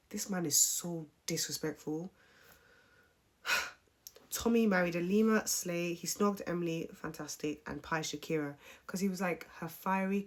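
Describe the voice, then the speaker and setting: Blunt woman recapping a show. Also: lowish voice. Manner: candid, opinionated, swears freely. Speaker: live stream host. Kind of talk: casual reality show recap.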